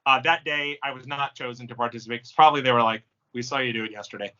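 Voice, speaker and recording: Animated storytelling man, bright lo-fi voice. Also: medium pitch, quick pace. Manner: animated storyteller, laughs often, acts out quoted lines. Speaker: podcast host. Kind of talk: casual chat. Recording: dull lo-fi sound.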